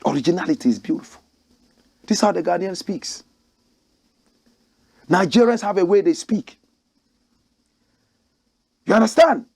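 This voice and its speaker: Gravelly, husky Ghanaian man preaching. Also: high-pitched, lively intonation, moderate pace, long pauses. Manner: forceful, preaching, slogan-like. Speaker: commentary show host. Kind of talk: opinionated political commentary.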